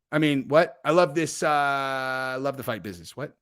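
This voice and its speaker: A man hosting a casual livestream, rambling loosely with frequent fillers and swings from loud to quiet. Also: medium pitch, normal speed, smooth. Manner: animated swings in loudness. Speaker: host.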